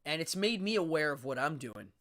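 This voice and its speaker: A man who works as a magician and occultist, hosting a live show and talking casually with a dramatic, animated manner and stumbling restarts. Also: on the high side, fairly quick. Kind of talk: casual livestream monologue.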